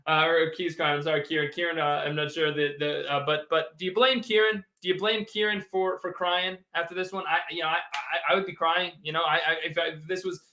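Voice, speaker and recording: A man's voice: fairly high pitch, steady tone, fairly quick, hardly any pauses, sharp tone. A man hosting a postgame sports livestream, reading viewers' chat and ranting in an exasperated, sarcastic way. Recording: roomy echo.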